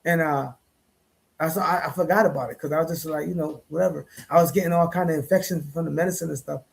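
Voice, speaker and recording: Man, high voice, gravelly, husky, casual livestream talk, emphatic and repetitive. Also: fairly even intonation, fast, slight background noise. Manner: repetitive, emphatic, conversational with slang. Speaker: streamer host.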